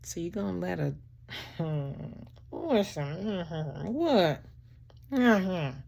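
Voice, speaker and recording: A woman vlogger giving a heartfelt motivational talk to camera, animated and preachy, often laughing and calling the listener "child" and "baby". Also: fairly low pitch, takes it slowly, gravelly.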